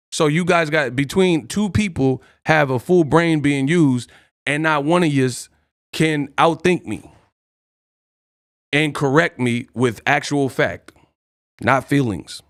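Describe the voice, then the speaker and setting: A man's voice: a little high, dry recording, studio quality. A man hosting a boxing live stream, ranting boastfully and taunting his chat with repeated challenges. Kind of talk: heated live stream rant.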